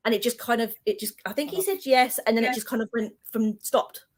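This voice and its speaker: A woman guest on a chat show, telling paranormal stories in a lively way and acting out the dialogue. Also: fairly high pitch, fairly quick, poor audio. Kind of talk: casual chat.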